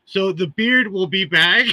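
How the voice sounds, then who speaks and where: This Californian man hosts a live sewing stream from his home sewing room, his high voice pushed and bright with no echo. He chats casually with viewers and laughs often between remarks.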